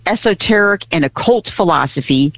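A woman's voice: lowish voice, expressive, normal speed, a bit bright, no echo. A woman co-hosting a religious radio show, chatting animatedly and laughing often. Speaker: radio co-host. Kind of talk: casual radio chat. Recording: dull lo-fi radio audio.

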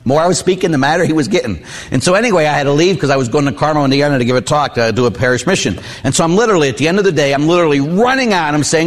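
A middle-aged priest preaches in a loose, conversational way, tossing in quick "huh?" asides as he tells stories from his own life. His voice sits at an ordinary male pitch. It rings out with a long reverb, as in a large church or hall. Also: animated. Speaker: Catholic priest. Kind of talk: sermon with personal stories.

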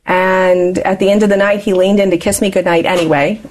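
A woman's voice: mid-range voice, little pitch movement, fairly quick, a little mellow. A woman in her forties, an interview guest telling her life story candidly and laughing often as she talks.

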